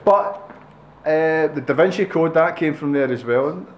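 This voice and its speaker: Male interviewer, teasing and quick with quips. Slightly high voice, recorded in an echoey club. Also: muffled recording. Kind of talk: jokey casual interview. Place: music club, indoors. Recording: roomy club with faint background hum.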